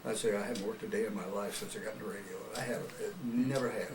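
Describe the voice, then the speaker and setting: A retired radio personality, now an older man, tells folksy stories in an oral history interview, chuckling often. His lowish voice is steady in tone yet rapid-fire. The mic is distant in a roomy space with background noise.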